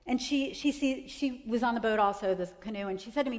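A woman's voice: on the high side, quick pace. Woman telling an emotional testimony in a hall. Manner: emotional storytelling with many restarts. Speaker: speaker giving a testimony. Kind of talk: personal testimony.

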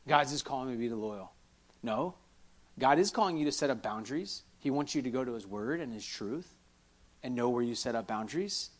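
Man preaching with lively swings. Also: fairly high pitch. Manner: animated preaching, voices quotes, swings loud and soft. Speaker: pastor. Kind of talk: sermon.

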